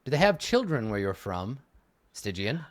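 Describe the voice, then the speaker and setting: A man's voice: on the low side, very animated, moderate pace, no room sound. A man voicing a cocky young noble duelist. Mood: teasing. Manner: teasing, playfully arrogant.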